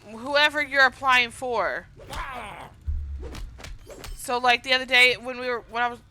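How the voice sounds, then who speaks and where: A woman from the American South with a Southern accent, chatting casually and excitedly while playing a game, rambling with lots of fillers. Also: sits high, measured pace, a little hiss or hum. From Southern United States. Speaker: gaming channel host.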